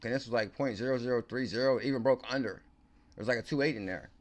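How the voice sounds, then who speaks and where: A man hosting a casual crypto livestream, excitable and slangy, talking to viewers by name. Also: mid-range voice, brisk, pauses often. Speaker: crypto channel host.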